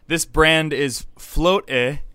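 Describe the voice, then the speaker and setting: A man co-hosting a comedy podcast, reading reviews and improvising with dry, deadpan delivery. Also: a little high, slow, smooth, no echo.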